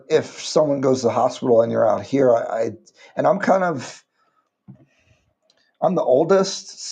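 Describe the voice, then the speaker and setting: A man in his thirties from the United States, chatting casually on a livestream and rambling with halting restarts. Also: medium pitch, gravelly, dark tone, dull audio. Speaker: livestream vlogger.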